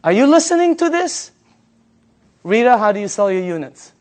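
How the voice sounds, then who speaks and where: Male, 50s, high voice. Animated sales presenter who repeats audience answers. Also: normal speed. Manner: animated storyteller, echoes audience answers back. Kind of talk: sales pitch to a live audience.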